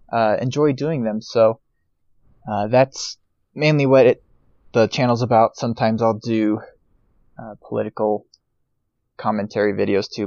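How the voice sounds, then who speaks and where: Low-voiced man, hesitant, on dull lo-fi audio. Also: a little mellow, dry recording. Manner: hesitant, with many uh and um pauses. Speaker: podcast guest. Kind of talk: casual podcast interview.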